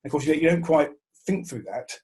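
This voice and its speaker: A man's voice: fairly high pitch, fast, darkish tone, husky. A middle-aged man, a TV presenter hosting over a video call, talking in a friendly, reflective way with stammered starts. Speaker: host and TV presenter. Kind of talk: casual video-call conversation.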